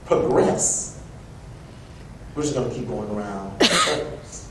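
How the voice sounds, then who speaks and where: A young man giving a personal storytelling speech at an event, animated and acting out quoted voices. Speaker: event speaker. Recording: echoey room from far off with low rumble.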